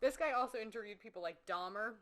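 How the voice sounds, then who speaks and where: Woman podcast co-host, bright voice, loose swearing true-crime chatter. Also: on the high side, fast. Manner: chatty, swears freely, acts out quotes. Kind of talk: casual true-crime chat.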